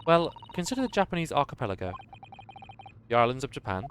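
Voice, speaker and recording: A man voicing a polite, clever young woman who gently explains things. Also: medium pitch, very animated, fast, a little hiss or hum. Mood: explaining.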